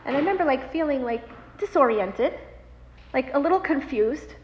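A woman in her thirties telling a personal story, animated, with many fillers. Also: high voice, normal speed. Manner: animated, many fillers, acts out quoted voices. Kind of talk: personal story told aloud. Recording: roomy hall with long reverb, dull lo-fi sound, faint noise.

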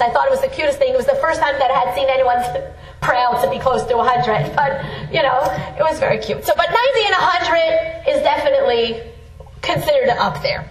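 A middle-aged woman giving an earnest, emphatic Torah lesson. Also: high-pitched. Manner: earnest, emphatic, with rising exclamations. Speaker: Torah teacher. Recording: roomy sound from a distant mic.

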